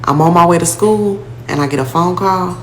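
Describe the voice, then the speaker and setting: A woman's voice: on the low side, fairly quick, reverberant, a little hiss or hum. Profane woman telling her own story. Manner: blunt, profane street talk with acted-out quotes. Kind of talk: casual first-person storytelling.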